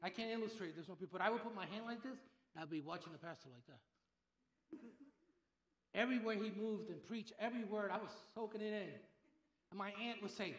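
A man's voice: high voice, fairly quick, reverberant. An older man preaching a sermon as pastor, telling stories and acting out the voices of the people he quotes. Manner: animated storyteller, acts out quoted voices.

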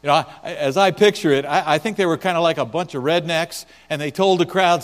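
A man's voice: on the high side, a little fast, few pauses. Preacher man in an echoing hall. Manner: preaching with swings from soft to loud. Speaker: pastor. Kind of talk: sermon. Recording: long hall reverb with mains hum.

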